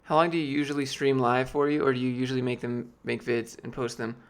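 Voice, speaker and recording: A man in his late twenties from Georgia, US, talks fast and flatly at a medium pitch. He's losing his voice while casually rambling through questions from his live-stream chat, using lots of fillers and frequent restarts.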